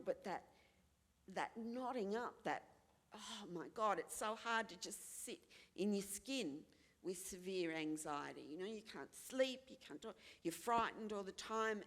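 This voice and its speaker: Speaking in a large hall, the Australian woman has a medium-pitched, somewhat bright voice. At the forum she's frank and earnest in candid personal talk, using repetition for emphasis and performing the voices of those she quotes.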